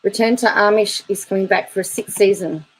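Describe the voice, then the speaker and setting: A woman's voice: medium pitch, fairly quick, poor audio. A woman YouTube commentator reading viewer comments aloud in a chatty, wry way, laughing between them.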